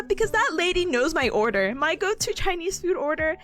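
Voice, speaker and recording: A young woman hosting a study stream, telling a personal story in a casual, animated way and laughing often while acting out what she said. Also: very high voice, a little fast. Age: young adult. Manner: animated, laughing often, acting out her own past lines. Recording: faint music behind the voice.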